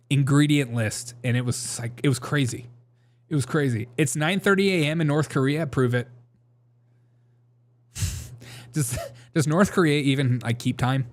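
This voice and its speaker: A man's voice: medium pitch, a little slow, long pauses. A man hosting a live show, chatting casually and rambling through jokes and chat replies, laughing often. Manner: reads chat and answers it.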